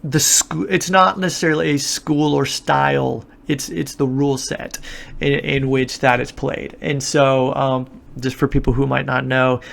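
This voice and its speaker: A martial arts instructor in Japan speaks as a guest in a podcast interview, his voice medium in pitch and creaky. He talks casually and explains things at length, with frequent fillers and restarts.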